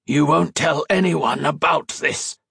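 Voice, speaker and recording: A man's voice: on the high side, takes it slowly, vocal fry, fairly bright tone, breathy edge, no room sound, studio quality, pitched above the performer's own voice, full character voice. A man voicing a treacherous villain with a metal arm in an audiobook, spitting out his words with a sneer.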